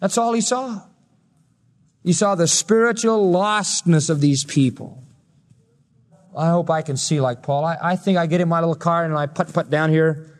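High-voiced man preaching in a hall. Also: moderate pace. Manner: emphatic, rising and falling preaching delivery. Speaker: pastor. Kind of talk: sermon. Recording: long reverb of a hall.

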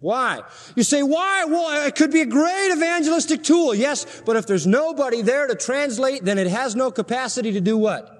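Male preacher, high voice, emphatic sermon, long reverb from a big hall. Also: animated, moderate pace, few pauses. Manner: emphatic, asks rhetorical questions.

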